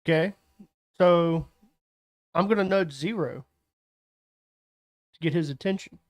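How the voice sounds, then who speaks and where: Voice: mid-range voice, takes it slowly, a little mellow, no echo. A player in a tabletop game who talks brashly, swears and jokes. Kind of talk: casual game chat.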